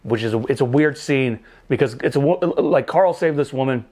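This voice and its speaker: A man's voice: mid-range voice, normal speed, a little mellow. A man hosting a casual movie review show, recapping the plot with jokes, exasperated asides and casual swearing.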